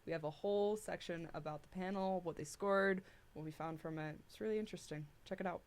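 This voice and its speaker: A woman's voice: fairly low pitch, fairly quick. A young woman co-hosting a casual discussion podcast, chatty and upbeat, with frequent "like". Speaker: co-host.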